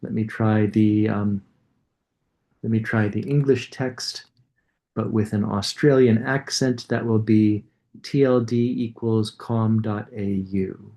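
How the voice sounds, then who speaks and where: Give me a man with a mellow voice teaching a class in a relaxed, thinking-aloud way. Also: lowish voice, slow pace. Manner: casual, thinking aloud with fillers. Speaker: lecturer. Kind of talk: live coding lecture.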